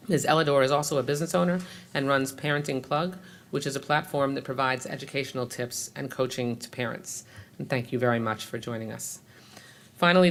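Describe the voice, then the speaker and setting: Male hearing moderator, mid pitch, measured formal read of introductions, a few hesitant fillers. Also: fairly bright tone. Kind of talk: formal reading of speaker introductions.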